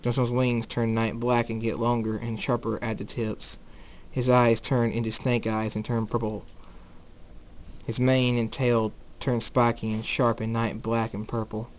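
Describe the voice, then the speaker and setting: A young man reading his own fan fiction aloud, with a halting delivery and small restarts. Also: mid-range voice, little pitch movement, darkish tone. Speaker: amateur storyteller.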